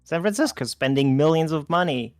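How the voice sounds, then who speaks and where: A man's voice: on the high side, expressive, brisk, soft background music. A man from Germany, chatting casually on a podcast and earnestly adding facts.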